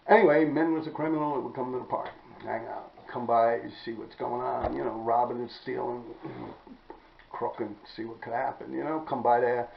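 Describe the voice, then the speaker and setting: A man, hosting a podcast and telling stories in a blunt, profane, rambling way, often clearing his throat. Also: mid-range voice, steady tone, moderate pace, a little hiss or hum. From New York City. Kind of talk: casual storytelling monologue. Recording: roomy, dull-sounding recording.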